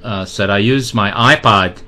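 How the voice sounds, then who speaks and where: A man hosting a talk show, speaking in an unhurried way with some hesitant fillers. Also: fairly low pitch, sharp tone. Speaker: show host. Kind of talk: casual radio talk.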